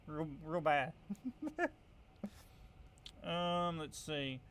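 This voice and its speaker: This young channel host with a Southern US accent vents frustration while casually commenting on a survival game, rambling and correcting himself. His fairly high voice is a bit bright, with fairly even intonation and drawn-out words, over slight background noise.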